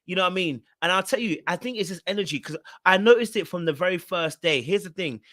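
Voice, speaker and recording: Brief: man, talkative recap host, repeats himself, fairly high voice. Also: fast, no room sound, clean studio sound. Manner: animated, repeats words, talks straight to viewers. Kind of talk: casual commentary recap.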